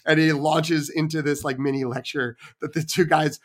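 A man with a slightly higher voice chats through a film review, lively and quick to act out lines. He speaks casually as a podcast co-host sharing favorite moments. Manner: animated storytelling with quoted voices.

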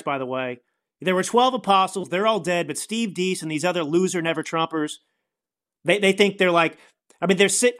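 A man's voice: sits high, fairly bright tone. A man hosting a political commentary podcast, ranting in a heated, indignant way. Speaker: podcast host.

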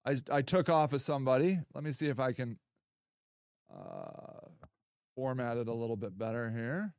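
A man's voice: mid-range voice, sing-song, moderate pace, gravelly, darkish tone, dry recording. A male podcast host in a rambling, casual livestream chat, reacting to viewer comments as he goes.

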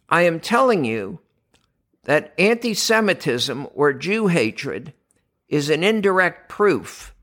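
Older American man, podcast preacher: unhurried, emphatic, lively rising and falling pitch. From United States. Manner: slow, deliberate, emphatic preaching delivery. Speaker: podcast host, doctor. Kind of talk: scripted religious podcast talk.

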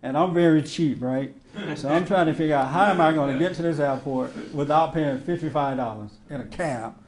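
Man preaching loose and chatty, bit high voice, roomy echo. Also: brisk, a little mellow. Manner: conversational storytelling, acts out quotes, laughs often. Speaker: spiritual teacher. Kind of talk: informal sermon to a small group.

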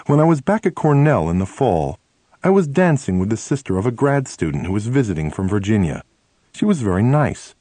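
A male audiobook narrator with a lowish voice that rises and falls a lot as he tells a first-person memoir. His delivery is lively and expressive. The sound is close and dry, with no room around it. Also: no room sound.

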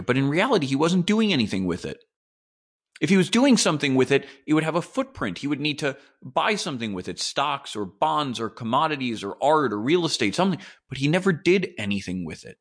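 A man's voice: a little high, a bit bright, husky. A man hosting a podcast, telling a story in a casual, speculative monologue. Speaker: podcast host.

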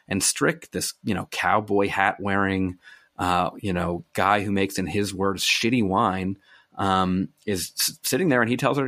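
A man, an author and podcast guest, telling stories in an animated way with quick asides and restarts. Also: sits low, no room sound. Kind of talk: conversational podcast interview.

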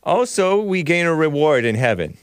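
A man's voice: a little high, big pitch swings, normal speed, clean tone, no room sound, clean studio sound. A man hosting a call-in show, bantering with callers and laughing often.

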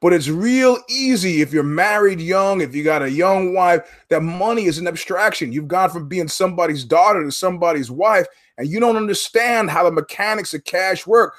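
A man with a high-pitched voice hosts his own show alone. He talks in loose, digressive commentary, wandering between stories. His tone is sardonic, and he swears without hesitation. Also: normal speed, few pauses. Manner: profane, digressive, sardonic storyteller. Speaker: podcast host. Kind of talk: rambling solo commentary.

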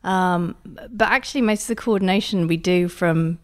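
A woman from Cornwall, a film festival organiser, chatting as an interview guest in a relaxed, easygoing way. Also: fairly low pitch, moderate pace, smooth. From Cornwall, England. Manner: relaxed, chatty, many fillers. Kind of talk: casual interview chat.

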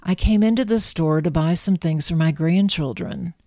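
Older woman, voiced by a female reader, low, soft, earnest, dry close sound. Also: normal speed, no room sound, natural voice. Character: proud older woman, grandmother, humbled.

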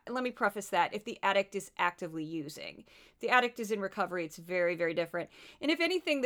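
A woman with a Midwestern American accent hosts her podcast in casual commentary. Her voice is bright, and she talks in an animated, chatty way, full of asides. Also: medium pitch. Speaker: podcast host.

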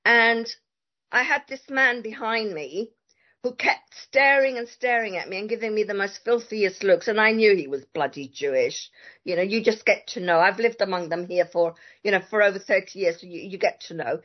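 A woman's voice: mid-range voice, normal speed. A woman guest in casual conversation, telling a story emphatically and indignantly, with many fillers. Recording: dull lo-fi audio.

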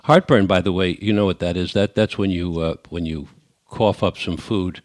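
An older man with a New York accent hosts a radio call-in show. He talks in a loose, conversational way, full of fillers and false starts. His voice sits on the low side and sounds dry and close to the mic. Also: steady tone, normal speed, no echo. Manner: conversational, with many fillers and restarts. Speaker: radio talk show host. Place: radio studio.

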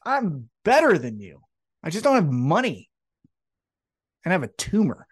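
A man's voice: fairly high pitch, normal speed, husky, dry recording, clean studio sound. A man co-hosting a wrestling podcast, recapping a show in casual chat, joking and swearing freely. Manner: profane, joking, animated storyteller. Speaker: podcast co-host.

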